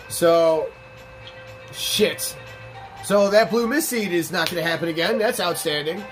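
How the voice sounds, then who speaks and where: Profane, high-voiced man narrating gameplay. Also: a little slow, pauses often, faint music behind. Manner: candid, profane, animated. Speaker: gaming channel host. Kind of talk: let's play commentary with storytelling.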